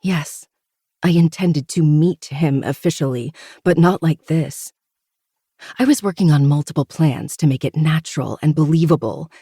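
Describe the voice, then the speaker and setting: Gravelly, dark-toned story narrator. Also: medium pitch, normal speed, dry recording, studio quality. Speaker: podcast host reading a novel. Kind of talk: first-person audiobook narration.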